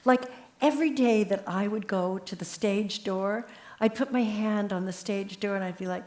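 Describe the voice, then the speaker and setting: An older woman in her seventies, talking casually as a guest on a live event stage. She tells her stories with animation and acts out the quotes. Her voice sits at a middling pitch. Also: moderate pace, darkish tone. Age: 70s. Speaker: memoir author, interview guest. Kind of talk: casual onstage conversation.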